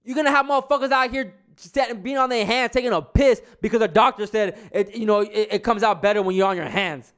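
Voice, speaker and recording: A man's voice: sits high, fast, few pauses, fairly bright tone, smooth. A young man ranting heatedly in a casual monologue, swearing often and restarting his sentences. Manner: heated, profane, repetitive restarts. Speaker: vlogger.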